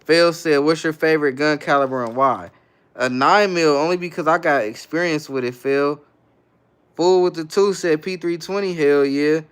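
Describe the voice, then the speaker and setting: A man's voice: on the high side, normal speed, clean tone. A young man from the Bay Area hosting a livestream in a laid-back, slangy way, reading viewer comments aloud and answering each one. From San Francisco Bay Area, California. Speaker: livestream host. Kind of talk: casual live-stream chat, reading viewer comments aloud.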